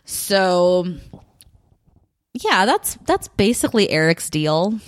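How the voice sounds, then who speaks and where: A woman's voice: medium pitch, big pitch swings, slow. A woman co-hosting a podcast, chatting casually and loosely about a show, with lots of filler words and swearing. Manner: loose, profane, heavy on "like" fillers. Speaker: podcast co-host. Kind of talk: casual chat recapping a show.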